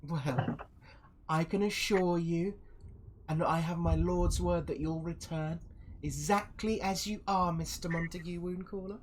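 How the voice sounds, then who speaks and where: A high-voiced, fawning cultist woman in a skull mask, put on by a man running a tabletop game. She gushes in a sing-song lilt with a playful threat underneath, swooping well above the performer's own voice. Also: fairly even intonation, measured pace, a little hiss or hum, close to an everyday voice. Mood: gushing.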